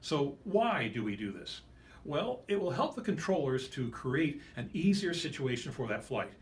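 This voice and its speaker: A man narrates an instructional piece on pilot radio calls. He speaks in a measured, explanatory manner with a mid-range voice, and faint background noise runs under him. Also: mid-range voice.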